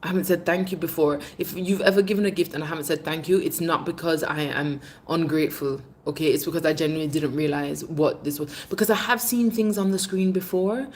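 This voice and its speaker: A woman hosts a casual livestream, chatting animatedly and calling her viewers babes. Her voice sits a little low, and she swings up in pitch when she gets excited. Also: brisk, few pauses. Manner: bursts of laughter, lively pitch swings. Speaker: livestream host. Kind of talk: casual livestream chat reading comments. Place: Jamaica.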